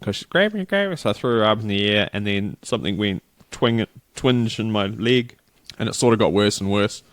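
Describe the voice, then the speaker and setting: A man's voice: lowish voice, animated, a little fast, fairly bright tone, no echo. A middle-aged New Zealand man chatting casually as a podcast co-host, rambling through a story and acting out the people in it. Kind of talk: casual chat.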